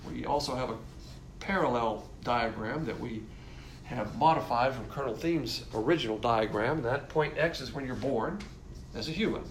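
A man's voice: medium pitch, normal speed, a little hiss or hum. A man teaching a Bible lesson from diagrams, explaining in a blunt, emphatic way.

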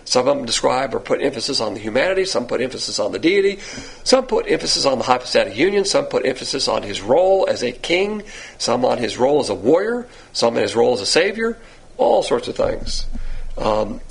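Man, Bible teacher, verse-by-verse sermon, gravelly voice, rhetorical questions. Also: medium pitch, brisk, rough recording. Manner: lively, rising emphasis with rhetorical questions.

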